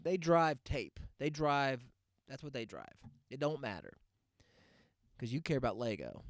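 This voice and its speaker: A man's voice: medium pitch, very animated, unhurried, dry recording. A man hosting his podcast, telling a ranting, sarcastic comic story. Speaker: podcast host. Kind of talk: comedic podcast monologue.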